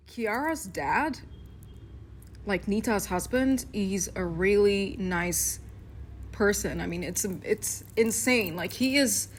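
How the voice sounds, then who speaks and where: A young woman telling a personal story in a casual rant, frank and profane, with many fillers and pauses. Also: mid-range voice, a little hiss or hum.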